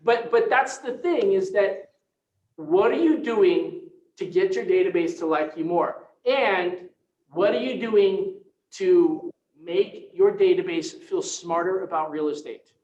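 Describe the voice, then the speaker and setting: A man giving an energetic motivational sales coaching talk as a real estate team leader, acting out phone conversations in excited voices. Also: sits high, reverberant, dull audio.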